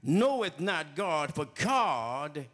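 A man preaching with a high, bright voice that swoops up and down. He takes his time, building repeated refrains into shouts as he calls out to the congregation. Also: big pitch swings, very slow. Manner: addresses the congregation directly, calling for testimony. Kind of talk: sermon.

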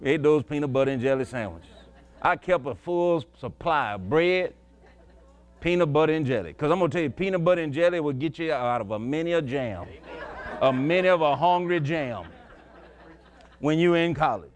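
High-pitched preacher man, folksy storytelling sermon, chuckles a lot. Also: animated, moderate pace.

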